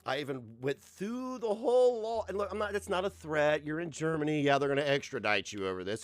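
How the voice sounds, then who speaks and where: A man's voice: fairly high pitch, expressive, brisk, hardly any pauses, no echo. A man ranting sarcastically in a reaction commentary, mocking and swearing freely. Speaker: commentary streamer.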